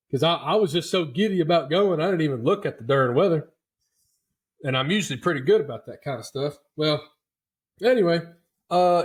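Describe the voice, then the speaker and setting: A man, hosting a podcast and telling a hunting story in a chatty, folksy way. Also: a little high. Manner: chatty, folksy, repeats words and calls listeners dude. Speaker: podcast host. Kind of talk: casual storytelling.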